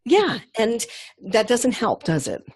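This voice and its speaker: A middle-aged woman guest and holistic coach, talking in a calm, soothing way in a casual interview. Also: a little high, a crowd in the background. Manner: calm, soothing, slow delivery.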